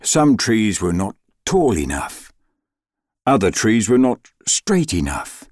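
A man reading a legend aloud as storybook narration, slow and expressive with dramatic pauses. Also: on the low side, dry recording, clean studio sound.

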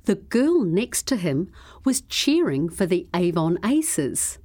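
A woman reading a children's story aloud in a slow, expressive, measured way. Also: on the low side.

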